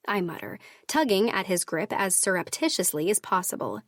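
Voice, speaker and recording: A woman's voice: medium pitch, big pitch swings, moderate pace, dry recording. Woman narrating a romance audiobook, dry. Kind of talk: scripted first-person narration.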